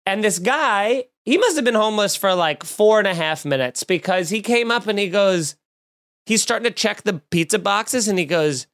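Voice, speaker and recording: A man's voice: high voice, expressive, moderate pace, fairly bright tone. A man hosting a comedic podcast, telling rambling, self-mocking stories in casual chat. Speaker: podcast host.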